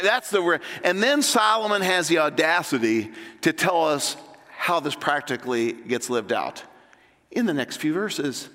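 A middle-aged male pastor preaching a sermon in an energetic, joking, conversational way. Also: a little high, moderate pace, big-room sound.

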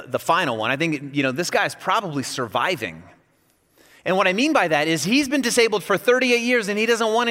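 A man preaching a sermon in a lively, conversational storytelling way, acting out quotes as he goes. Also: sits high, big-room sound. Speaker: pastor.

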